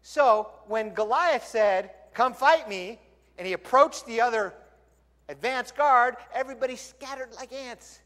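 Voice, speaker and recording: A male pastor preaching a sermon in a lively, conversational storytelling way, in a church sanctuary. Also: very high voice, a little slow. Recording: long church hall reverb.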